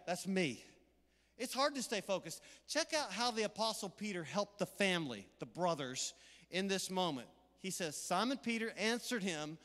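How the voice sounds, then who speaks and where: A middle-aged man with a Southern US accent preaching a sermon in a church, energetic and conversational with playful asides. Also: high-pitched. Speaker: pastor. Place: church sanctuary. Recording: live church hall reverb.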